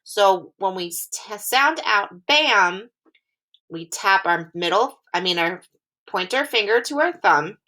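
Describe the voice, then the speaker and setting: A woman teacher giving a phonics lesson to young children, speaking slowly and clearly in a sing-song way. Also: medium pitch, expressive, bright, forceful tone.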